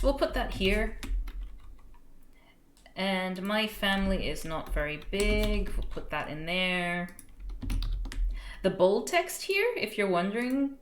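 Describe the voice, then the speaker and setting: A woman's voice: on the low side, reverberant. A young woman chatting casually on a study stream, thinking aloud with lots of fillers. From Australia. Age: young adult.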